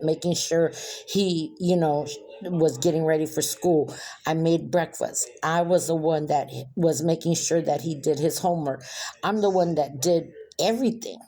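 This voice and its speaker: A woman telling a personal story in a soft, reflective way. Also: deep voice.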